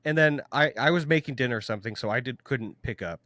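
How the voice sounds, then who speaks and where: A man co-hosts a casual podcast with his friends, telling stories in a lively, animated way. His voice sits at an ordinary pitch. The recording is dry, with no room sound. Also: fast talker, no echo. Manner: animated storyteller, laughs while telling. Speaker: podcast host. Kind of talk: casual chat among friends.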